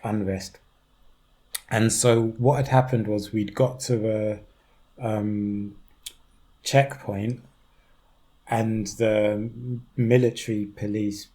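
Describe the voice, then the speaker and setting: A young man from East London with a London accent, a podcast guest telling a story in an animated way, laughing often and mimicking the voices of others. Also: fairly low pitch. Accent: London English. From East London, England. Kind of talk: conversational storytelling.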